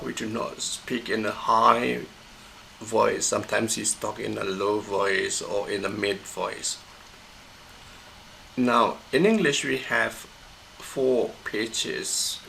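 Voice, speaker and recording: A man, a university lecturer, giving a recorded pronunciation lesson, explaining slowly and methodically, repeating examples and correcting himself. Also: lowish voice, creaky, pushed and bright, a little hiss or hum, low-quality recording.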